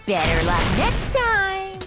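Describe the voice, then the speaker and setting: A performer voicing a mischievous, gleeful and cruel bear mascot in a video game, throwing mocking sing-song taunts and sudden shouts. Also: very high-pitched, huge pitch swings, takes it slowly, full character voice. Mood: taunting. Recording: game audio with loud music.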